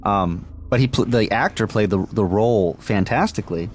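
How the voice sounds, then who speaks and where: A man co-hosting a casual film podcast, chatty and quick to laugh while he recaps the plot. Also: on the low side, a little hiss or hum. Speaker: podcast co-host.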